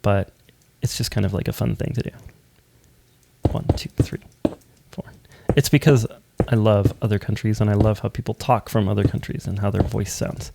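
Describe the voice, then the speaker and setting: A man's voice: lowish voice, fairly even intonation, fast talker, creaky, noisy background. A man hosting a building tutorial, talking casually and thinking aloud as he places blocks, often humming or counting under his breath. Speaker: Minecraft building channel host.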